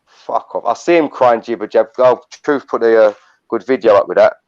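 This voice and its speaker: An older man rants angrily and swears plenty on a live stream, talking a little fast at medium pitch. Sound quality is muffled and lo-fi.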